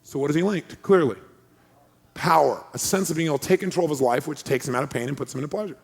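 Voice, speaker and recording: A man giving an energetic motivational talk, telling a story and acting out the voices of the people in it. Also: on the high side, quick pace, vocal fry, breathy edge, in a large hall. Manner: energetic storyteller, acts out others' lines. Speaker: motivational speaker. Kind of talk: animated motivational talk with acted-out quotes.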